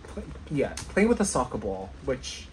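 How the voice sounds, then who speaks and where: Excitable giggly woman vlogger. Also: a bass voice, moderate pace, slight background noise. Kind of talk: casual vlog chat.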